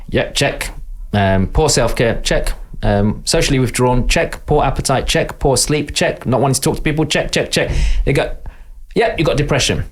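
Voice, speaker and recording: A middle-aged man with an East London accent, a podcast guest talking casually and acting out the voices of people he quotes. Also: mid-range voice. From England. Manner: animated storyteller, acts out quoted voices. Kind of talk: casual interview talk.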